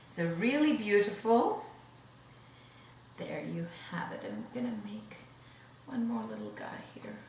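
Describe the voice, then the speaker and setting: A woman's voice: mid-range voice, fairly bright tone. A woman hosting a cooking show who demonstrates a dish and savors the food aloud in an effusive way. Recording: roomy sound, mic at a distance.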